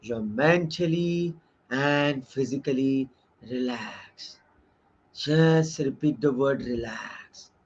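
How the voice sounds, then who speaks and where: Man putting on a calm hypnotist, deep, slow and hushed, on dull lo-fi audio. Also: a little hiss or hum, lightly acted. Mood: soothing. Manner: slow, hushed, repetitive suggestions. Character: calm, soothing male hypnotist.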